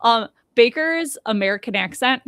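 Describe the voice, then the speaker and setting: A woman's voice: fairly high pitch, expressive, normal speed, a bit bright, smooth, no room sound, soft background music. A woman co-hosting a casual podcast, chatty and full of ums and restarts. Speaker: podcast co-host.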